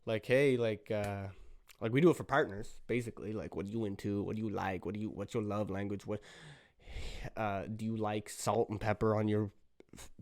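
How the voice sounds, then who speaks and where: A young man hosting a casual solo podcast, rambling playfully in slangy talk that jumps now and then into loud bursts. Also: fairly low pitch, steady tone, moderate pace, no echo. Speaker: podcast host.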